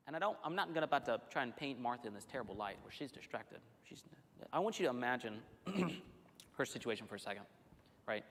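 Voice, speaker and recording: Male pastor, sermon in a church; animated, rapid storytelling delivery, echoing hall. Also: mid-range voice. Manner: conversational, animated storytelling with restarts. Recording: long hall reverb.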